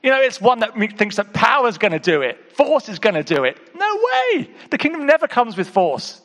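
A man delivers a sermon in a high, lifted, sing-song voice, moving a little fast and chatting with the congregation like friends. He alternates between hushed, intimate near-whispers and emphatic exclamations, with repeated appeals to the audience, all echoing with a long tail in a large hall.

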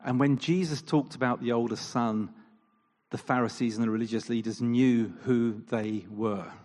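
A man preaching a sermon in an animated style, firing off rhetorical questions and acting out quoted lines. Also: mid-range voice, normal speed. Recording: long reverb of a large hall.

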